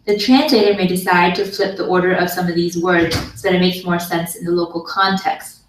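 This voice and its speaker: Woman, scripted coding tutorial narration, calm and explanatory, slightly low voice, roomy echo, heard from across the room. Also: a little hiss or hum. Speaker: online course instructor. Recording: video played into a room, heard from far.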